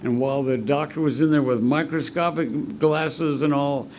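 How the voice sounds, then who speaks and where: A man's voice: a little high, fairly even intonation, normal speed, a little mellow, slight background noise. A man speaking as the guest speaker at a recovery meeting, telling a rambling, heartfelt personal story and choking up with emotion. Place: meeting room at a school.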